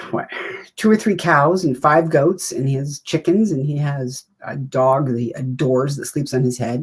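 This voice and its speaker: Husky chatty woman in her fifties. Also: deep voice. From United States. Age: 50s. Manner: chatty, rambling, self-deprecating humor. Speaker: writer and guest. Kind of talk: casual interview talk.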